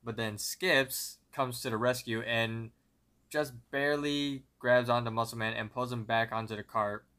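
A man's voice: medium pitch, fairly even intonation, moderate pace, pushed and bright. A young man co-hosting a podcast, methodically retelling a cartoon episode's plot with small slips. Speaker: podcast co-host. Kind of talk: plot narration recap.

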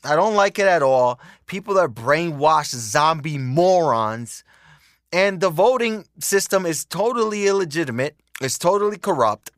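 A young man hosts his own show in a heated, profane rant, circling back over the same points. His voice sits a little high for a man. The sound is dry and close, with no room around it. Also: animated, a little slow, no echo. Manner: heated, profane, repetitive ranting. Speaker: podcast host. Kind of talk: casual political rant.

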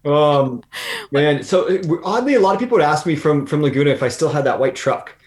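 A man's voice: a little high, expressive, fairly quick. A man from Southern California chatting as a guest over a video call, telling stories in a laid-back way with frequent laughs and restarts.

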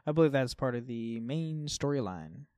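Here a man co-hosts a podcast, talking about a game in a chatty, animated way at a moderate pace. His pitch sits in the middle, he keeps saying "like," and his sentences fade out gently. The sound is clean studio audio with no room sound.

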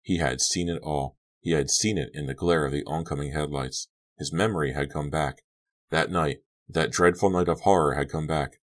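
A man reads an audiobook in a steady, clipped way. His voice sits very deep. It is scripted storytelling narration. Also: normal speed.

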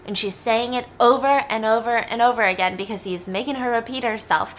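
A woman's voice: fairly high pitch, fairly even intonation, fairly quick, a little hiss or hum. A young woman casually retelling a film plot in a chatty way, with lots of like and you know. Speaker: storyteller.

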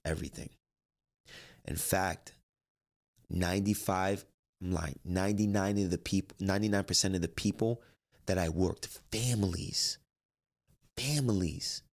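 A life coach and trainer with a low, gravelly voice tells a personal story at an unhurried pace. He's animated and acts out each conversation, voicing both his own lines and everyone else's. A crackly vocal fry runs through the entire telling.

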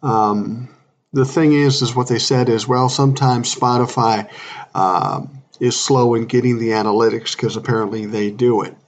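A man's voice: medium pitch, fairly even intonation, moderate pace. A man in his sixties hosting a solo podcast, talking bluntly and irritably, swearing often. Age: 60s. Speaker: podcast host.

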